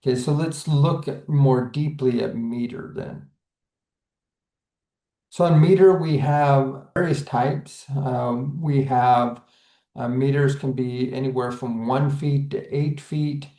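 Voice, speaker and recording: Male teacher, mellow and deliberate, filler uhs, echoey room. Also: medium pitch, steady tone. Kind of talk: slow explanatory lecture.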